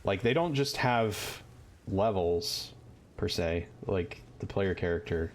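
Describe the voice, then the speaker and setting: A man's voice: deep voice, lively intonation, slow. A man streaming a game, with joking, profane, rambling commentary. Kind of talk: casual gaming commentary.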